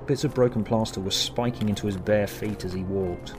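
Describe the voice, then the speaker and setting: A man with a fairly low voice narrates a horror tale, slow and dramatic. He reads it in measured, deliberate sentences. Music plays clearly beneath his voice. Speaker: storyteller.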